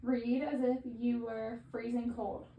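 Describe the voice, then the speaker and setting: A woman's voice: a little high, flat delivery, slow, muffled recording. A woman casually coaching someone to read aloud in different voices, encouraging, with frequent fillers. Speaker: reading coach. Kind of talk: giving reading instructions. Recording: echoey room with faint ambient noise.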